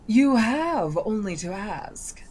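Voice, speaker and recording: A woman's voice: mid-range voice, very animated, slow pace, darkish tone, slight background noise, voice pushed up. A woman voicing a sly, mocking male genie disguised as a boy, who talks in a coaxing, wheedling way.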